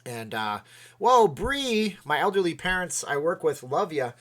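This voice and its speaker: A man's voice: fairly high pitch, expressive, normal speed, fairly bright tone. A middle-aged man from Canada hosting a casual livestream, rambling and thanking viewers by name as he reads their comments. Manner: rambling, chatty, thanks viewers by name, sways while talking. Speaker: livestream host.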